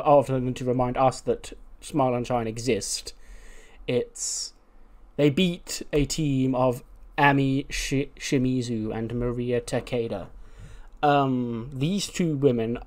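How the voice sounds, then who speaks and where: A man hosts a casual commentary on his game playthrough, chatty and sweary. His voice sits at an ordinary middle pitch. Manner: chatty, sweary, acts out scenes. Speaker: game video host.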